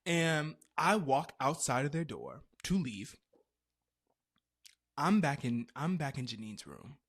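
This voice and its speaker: A man hosting a podcast, telling a comedic story in a dramatic, animated way with frequent laughter. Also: a little high, slow, breathy edge. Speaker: podcast host.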